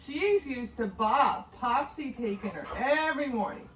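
A woman's voice: a little high, animated, normal speed, fairly bright tone, low-quality recording. A cheerful, chatty woman vlogging on a phone, partly while out on a forest walk, cooing at her dog now and then. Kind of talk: casual chatty vlog.

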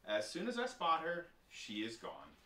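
A man reading a children's picture book aloud in a lively, expressive way. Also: fairly high pitch, unhurried, echoey room, far from the mic. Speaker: storybook reader.

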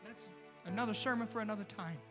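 A man preaching a live sermon in a church, impassioned and often shouting, at times dropping to a hush. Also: high voice, quick pace. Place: church sanctuary during a live service. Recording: long hall reverb with faint music.

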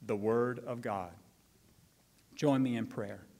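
A man, the pastor, reading scripture, praying and retelling a story with lively acted-out quotes. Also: medium pitch, takes it slowly. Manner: animated storytelling, acting out quotes. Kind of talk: sermon with scripture reading and prayer. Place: church sanctuary. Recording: long church hall reverb.

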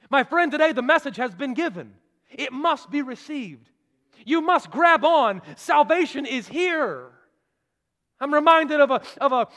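High-voiced pastor preaching in a reverberant church. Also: male voice, fairly bright tone. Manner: preacherly, rising to emphatic declarations. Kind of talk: sermon.

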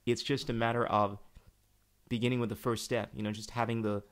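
Man, podcast host, casual interview talk, chatty, jokey, mid-pitched voice. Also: little pitch movement, fairly quick. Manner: chatty, joking, laughs often.

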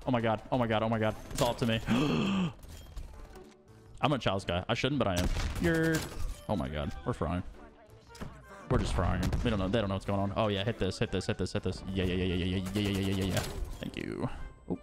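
A young man commenting on his own first-person shooter game play, excitable, mumbling when tense and yelling when things go wrong. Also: fairly low pitch, fairly quick. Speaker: gaming YouTuber. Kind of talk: live gameplay commentary. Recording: game gunfire and music underneath. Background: game gunfire and music.

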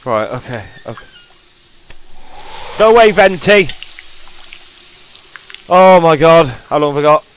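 Brief: man, horror let's-play host, lively pitch, slow, sweary and jumpy. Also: clean tone. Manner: jittery, swearing, frightened outbursts and mutters. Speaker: gaming YouTuber.

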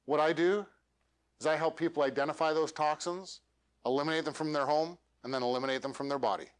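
In a meetup room, an animated man coaches a workshop on elevator pitches. His voice is on the high side with a clean tone, and he uses dramatic pauses while demonstrating lines.

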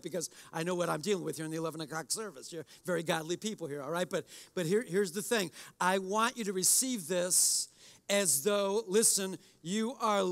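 Pastor guy preaching in church, pretty high voice, chatty and pushy, talks right to the crowd. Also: vocal fry. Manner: conversational, exhorting, addresses congregation directly. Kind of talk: sermon. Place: church service.

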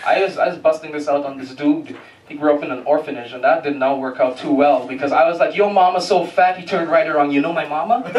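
A man's voice: a little high, quick pace, slight background noise. A man doing a stand-up comedy set, profane and rambling, often restarting his sentences. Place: comedy club with live audience. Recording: echoey club, distant mic, loud crowd laughter.

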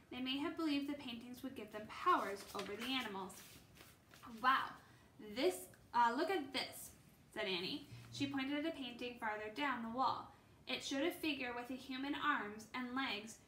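A woman's voice: high-pitched, sharp tone. Woman reading a children's book aloud. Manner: unrehearsed reading with small stumbles and restarts. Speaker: reader. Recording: echoey room, faint background noise.

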